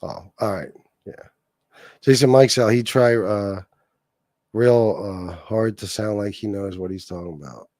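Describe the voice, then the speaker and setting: A man's voice: on the low side, measured pace, darkish tone, no echo, studio quality. A man hosting a casual livestream, reading chat comments aloud and mocking someone with heavy profanity. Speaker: livestream host.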